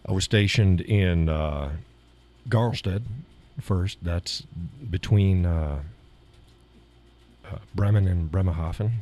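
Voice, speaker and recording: Chuckling Texan cowboy host, mellow voice. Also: male voice, low-pitched, slow, long pauses. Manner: chuckling, drawling, trails off into mumbled asides. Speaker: live stream host. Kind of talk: casual chat reading viewer comments.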